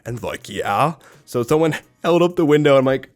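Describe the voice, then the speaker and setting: A young American man in his twenties answering viewer questions in a casual vlog, swearing often and throwing in animated asides. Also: fairly high pitch, a little fast, faint music behind. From United States. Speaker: YouTube creator.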